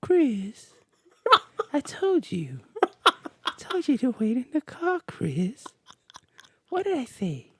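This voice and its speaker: A man doing a high, breathy falsetto impression of a soft-spoken male pop star, whiny and pleading, as a comedy bit in a casual podcast. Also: huge pitch swings, takes it slowly, pauses often, a little hiss or hum, heavily acted. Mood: whiny scolding. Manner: pleading, whiny, laughing between lines.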